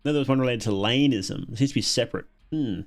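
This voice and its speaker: A man's voice: mid-range voice, fast. An Australian man hosting a casual livestream, reacting to videos and chatting with viewers, often chuckling and repeating words as he thinks.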